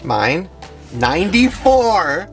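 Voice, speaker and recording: A man chatting in a casual vlog, dramatic and jokey, quick to get excited. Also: high-pitched, faint music behind. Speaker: vlog co-host. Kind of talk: casual chat.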